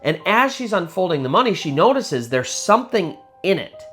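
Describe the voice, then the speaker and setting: A man's voice: high-pitched, sing-song, moderate pace, a bit bright, soft background music. A man telling a spooky true story in a casual, conversational way, full of little fillers. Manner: conversational, many fillers like "kind of" and "sort of".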